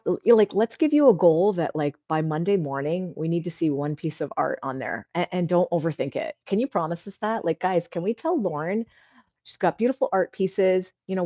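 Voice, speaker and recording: A woman's voice: on the low side, expressive, a little fast, mellow, dry recording, highs cut off. A woman hosting a casual livestream, chatty and encouraging, reading out viewer comments. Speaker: livestream host.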